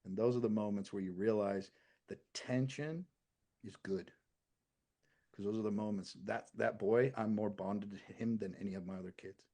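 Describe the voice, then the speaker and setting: A deep, husky-voiced man in his forties talking earnestly as a podcast guest. His talk swings from loud to a near hush when he gets personal. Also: fairly even intonation, normal speed. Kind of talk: casual podcast chat.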